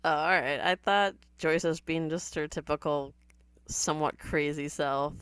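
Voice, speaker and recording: A woman giving casual, sardonic reaction commentary on a TV episode, chatty and quick to laugh. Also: deep voice, fairly even intonation, fairly bright tone.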